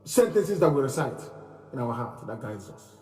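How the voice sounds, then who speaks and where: A man giving an impassioned live speech, repeating phrases in a preaching cadence and moving from loud declarations to low murmurs. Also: big pitch swings, normal speed, reverberant, big-room sound, distant mic. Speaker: movement leader giving a live broadcast.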